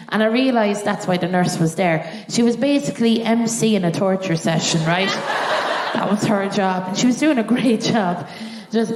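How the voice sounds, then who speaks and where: Irish female comic, live on stage, lively storyteller, roomy hall sound. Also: medium pitch, moderate pace. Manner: animated storytelling with acted-out voices. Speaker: stand-up comedian. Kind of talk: live stand-up set. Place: theatre stage before a live audience.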